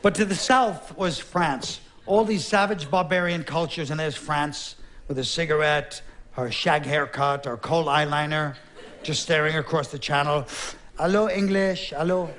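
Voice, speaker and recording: A man's voice: fairly high pitch, steady tone, measured pace, a bit bright, slight background noise. A man performing a sardonic stand-up comedy routine on stage before a laughing audience. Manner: wry, sardonic, conversational.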